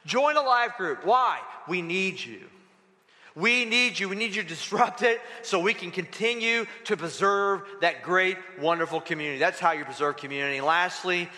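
A male pastor preaching a sermon in a church, animated and acting out little dialogues with the crowd. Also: high voice, moderate pace, few pauses, big-room sound. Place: church sanctuary.

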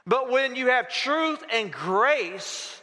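Male pastor, 40s, bright ringing tone, casual preaching style, long reverb of a large church. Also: very high voice, expressive, takes it slowly. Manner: conversational preaching with rhetorical questions. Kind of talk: sermon. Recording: reverberant hall.

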